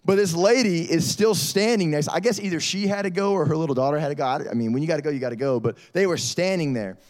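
Lively youth pastor, man. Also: a little high, fast. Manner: lively storytelling, addresses audience as y'all. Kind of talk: youth sermon.

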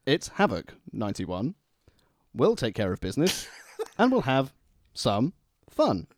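A man puts on a pompous posh voice, reading with mock grandeur. The sound is dry and close, with middling pitch. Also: wildly swooping pitch, a little slow, no echo. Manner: exaggerated posh recital. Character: posh man reading a clumsy wrestler rap.

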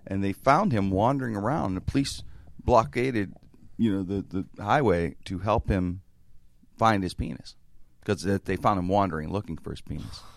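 A man's voice: lowish voice, moderate pace, creaky, no echo. A man hosting a podcast, telling stories in rambling casual banter full of restarts and chuckles. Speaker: podcast host.

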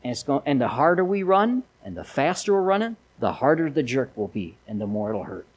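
A man's voice: medium pitch, very animated, fairly quick, slightly rough, poor audio. A man preaching a sermon, mixing folksy stories with emphatic appeals. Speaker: pastor.

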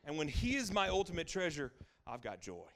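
Preaching a little fast, a middle-aged pastor with a slightly high voice swings hugely in pitch. He repeats himself for emphasis, going quiet at times and exclaiming loudly at others.

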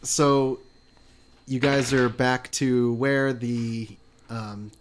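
A man's voice: mid-range voice, steady tone, extremely slow, slight background noise. A man running a casual tabletop game as game master, laid-back and giggly, rambling through the rules.

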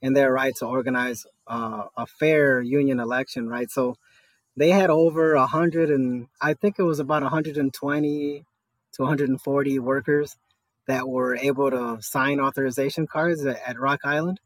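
An earnest man, speaking in an interview at a middle pitch. His voice is recorded close and dry, with no room sound. He talks with many fillers and often checks in with "right?". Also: steady tone, normal speed, dry recording. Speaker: guest, cannabis store worker organizing a union. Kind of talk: conversational interview.

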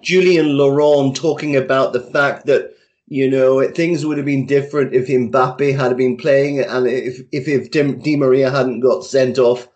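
A man's voice: medium pitch, fairly even intonation, a little slow, darkish tone, muffled recording. A man hosting a casual football podcast and leading the talk with questions to his co-hosts. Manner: leads with questions. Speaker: podcast host.

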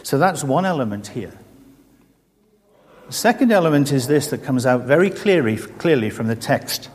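A man's voice: medium pitch, big pitch swings, moderate pace. A middle-aged man preaching a sermon, telling stories and asking rhetorical questions in an earnest manner. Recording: reverberant hall.

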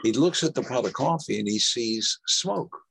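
A man's voice: medium pitch, expressive, moderate pace, creaky, fairly bright tone, slightly rough, dry recording. An older man, an actor guest, telling rambling stories in an interview, with restarts and quoted dialogue. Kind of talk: anecdotal interview storytelling.

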